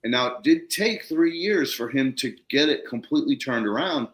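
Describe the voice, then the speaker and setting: A man's voice: medium pitch, expressive, normal speed, fairly bright tone, roomy sound. A man hosting a podcast, telling a story in a casual, slangy way and acting out both sides of phone calls. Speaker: podcast host.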